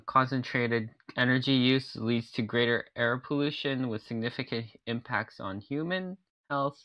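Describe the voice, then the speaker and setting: A man's voice: medium pitch, pushed and bright. A man reading an article aloud on a casual podcast, stumbling over words now and then. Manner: reads haltingly, stumbling over words with fillers.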